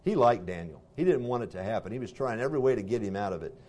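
A man reading scripture aloud and pausing to explain it in a conversational way, asking his listeners questions. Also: fairly low pitch, lively intonation, warm tone. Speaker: Bible teacher.

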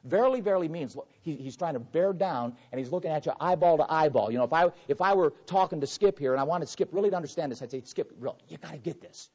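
A man's voice: fairly high pitch, lively intonation, quick pace, few pauses, a little mellow. A man preaching a sermon to his congregation, reading scripture aloud and explaining it verse by verse. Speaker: pastor. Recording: dull lo-fi sermon recording.

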